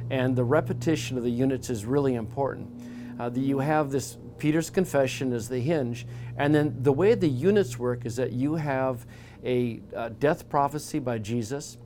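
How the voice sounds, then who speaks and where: Man teaching the Bible over faint hum. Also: medium pitch. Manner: conversational, animated when quoting the disciples, with fillers and restarts. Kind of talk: informal Bible teaching talk.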